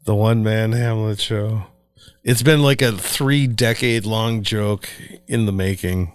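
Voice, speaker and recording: A man co-hosting a podcast, tossing in quick jokes and puns in casual chat. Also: lowish voice, smooth, no echo. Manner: joking, quick asides and puns. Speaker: podcast co-host.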